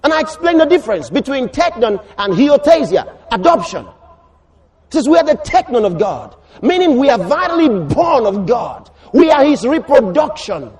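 A man preaching a sermon, emphatic and repetitive, rising to shouts. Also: very high voice, big pitch swings, normal speed.

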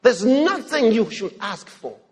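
A man preaching a sermon, animated, swinging between loud outbursts and low murmurs as he acts out people praying. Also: a little slow. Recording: long hall reverb.

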